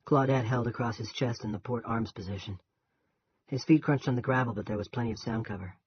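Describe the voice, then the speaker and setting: A man reading a novel aloud in a steady, plain narration. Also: medium pitch, brisk, slightly rough, dry recording. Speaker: audiobook reader. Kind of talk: audiobook narration. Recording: dull lo-fi.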